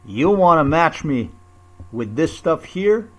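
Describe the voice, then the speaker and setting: A man's voice: fairly high pitch, sing-song, slow, a bit bright. A man in a confrontational, repetitive video rant, full of rhetorical questions and swearing. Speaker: vlogger. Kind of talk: angry personal video rant.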